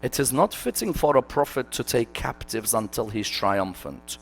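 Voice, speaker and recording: A man giving an impassioned religious lecture, asking rhetorical questions and swinging between loud emphasis and hushed asides. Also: medium pitch, expressive, normal speed, creaky, few pauses, slightly rough. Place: mosque hall.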